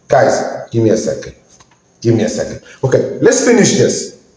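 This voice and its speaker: A man's voice: mid-range voice, wildly swooping pitch, normal speed, a little mellow. A man hosting a podcast, giving an indignant, emphatic ranting commentary and sometimes searching for words. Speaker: podcast host. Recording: very echoey room.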